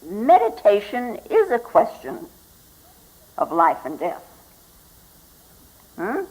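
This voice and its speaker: A woman's voice: medium pitch, wildly swooping pitch, darkish tone, low-quality recording. Reflective woman giving a Zen talk. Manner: slow and reflective, with frequent questioning "hmm?" asides. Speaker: Zen teacher. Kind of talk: spoken dharma talk.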